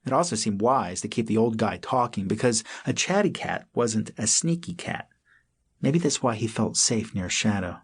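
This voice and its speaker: A man narrating a children's audiobook in a measured storytelling manner. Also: fairly low pitch, animated, breathy edge.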